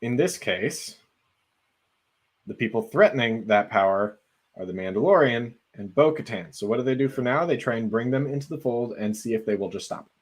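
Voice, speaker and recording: A man's voice: mid-range voice, lively intonation, a little fast, slightly rough. A man co-hosting a podcast, earnestly laying out a fan theory at length in casual conversation. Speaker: podcast co-host.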